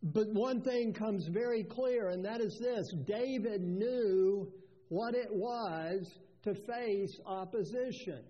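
A man preaching an expository sermon as pastor, earnest and emphatic, repeating key phrases. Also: high-pitched. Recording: dull lo-fi sound with long reverb.

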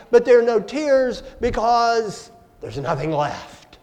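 Man, pastor, sermon, high voice, dramatic swings in loudness, long hall echo. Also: big pitch swings. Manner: slow, deliberate preaching with dramatic swings in loudness.

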